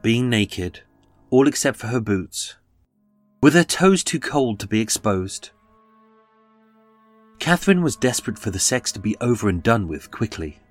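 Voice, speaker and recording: A man's voice: medium pitch, sing-song, measured pace, long pauses, faint music behind. A man giving dramatic scripted true-crime narration and dwelling on detail.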